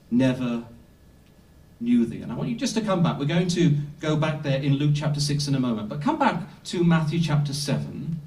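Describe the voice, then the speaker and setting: Male preacher, emphatic sermon delivery with long pauses, slightly raised pitch, roomy distant sound. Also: dark tone. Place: Bible school hall. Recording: echoey room, speaker off-mic.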